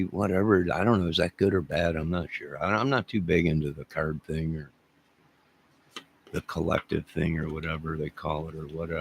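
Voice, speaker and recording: A man's voice: deep voice, gravelly, fairly bright tone, slight background noise. An older man hosting a casual livestream, rambling and joking as he reads viewers' chat aloud. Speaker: livestream host reading chat.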